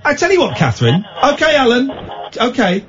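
A man's voice: extremely high pitch, huge pitch swings, noisy background. A man hosting a late-night radio phone-in, joking and teasing callers. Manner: jokey, teasing, quick to interrupt. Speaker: radio host. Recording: dull lo-fi radio broadcast.

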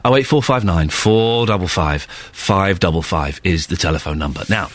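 A man's voice: sits low, moderate pace, dry recording. A man hosting a radio show, joking and mock-indignant in a playful studio patter. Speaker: radio host. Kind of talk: jokey radio banter. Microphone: studio microphone.

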